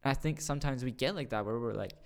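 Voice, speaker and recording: A man, a youth pastor, telling a retreat story on a podcast in a casual, excited way, often repeating his words. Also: mid-range voice, quick pace, vocal fry.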